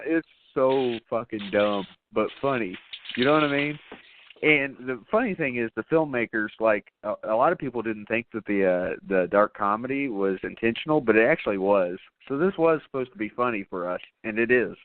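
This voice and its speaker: A man's voice: medium pitch, a little hiss or hum. Rambling, profane man on a tinny podcast line. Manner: loose, rambling, profane, with frequent fillers. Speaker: podcast host. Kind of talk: casual podcast movie chat.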